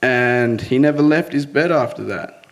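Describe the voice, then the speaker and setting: A man's voice: medium pitch, measured pace. A young man telling a personal story to an audience in an earnest way, often breaking into nervous laughs.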